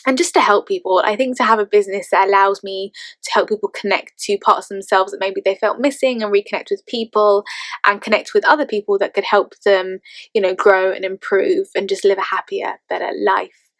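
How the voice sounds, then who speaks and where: A young English woman chats through vlog tag questions in a playful, talkative way, laughing easily between answers. Her voice sits at an ordinary middle pitch. It is recorded close and dry, with no room sound. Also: steady tone, brisk, fairly bright tone, no echo. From England. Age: 20s. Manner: chatty, playful, laughs often. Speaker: vlogger.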